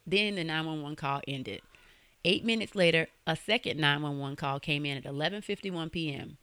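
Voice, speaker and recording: A young woman tells a true-crime story on her podcast in loose, slangy talk, cursing as she goes. Her voice is bright and forward, recorded close and dry with no room sound. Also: deep voice, moderate pace, smooth, dry recording. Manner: conversational, slangy, swears freely. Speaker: podcast host.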